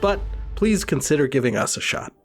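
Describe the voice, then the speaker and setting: Lively, high-voiced man reading a promo. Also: a little fast. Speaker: podcast co-host in a promo. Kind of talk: scripted podcast promo. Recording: promo with music bed.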